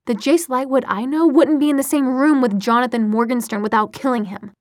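A woman reading an audiobook, voicing a fierce young woman who speaks in a sharp, urgent way. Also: high-pitched, fairly even intonation, brisk, no echo, clean studio sound, natural voice.

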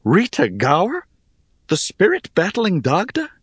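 A man's voice: high-pitched, wildly swooping pitch, a little slow, fairly bright tone, breathy edge, no echo, clean studio sound, pitched above the performer's own voice, exaggerated voice. A man voicing an earnest young hero who speaks urgently and insistently.

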